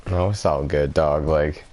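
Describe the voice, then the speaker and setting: A young man chatting casually about games and anime, laughing a lot and swearing offhandedly. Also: extremely low pitch. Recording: background noise.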